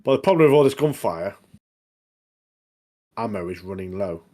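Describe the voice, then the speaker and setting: A man's voice: fairly low pitch, expressive, moderate pace, warm tone. A man co-hosting a podcast, chatting casually and recapping a show with acted-out quotes. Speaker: podcast co-host. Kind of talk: casual chat.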